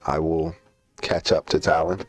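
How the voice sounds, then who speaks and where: A man's voice: extremely low pitch, little pitch movement, unhurried. A man speaking as a player in a casual tabletop game, stating his actions plainly.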